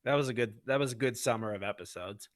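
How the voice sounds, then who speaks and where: A man's voice: medium pitch, fast talker, dry recording, clean studio sound. A man co-hosting a casual gaming podcast, talking in an easygoing, good-natured, reflective way. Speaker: podcast co-host.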